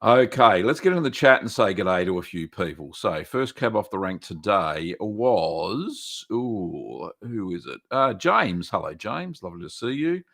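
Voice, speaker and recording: A man's voice: lowish voice, big pitch swings, measured pace, vocal fry, hardly any pauses, a bit bright. A man with an Australian accent hosting a casual livestream, greeting viewers by name with lots of "um" and "uh". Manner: chatty, greets viewers by name, many fillers. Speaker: livestream host.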